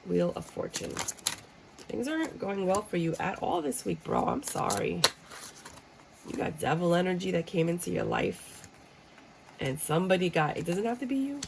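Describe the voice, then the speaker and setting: A woman gives a casual tarot reading in a low, gravelly voice. She talks bluntly and jokes as she acts out how people react. A faint hiss sits under the recording. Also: animated, normal speed. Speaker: tarot reader. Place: room with a squeaky chair.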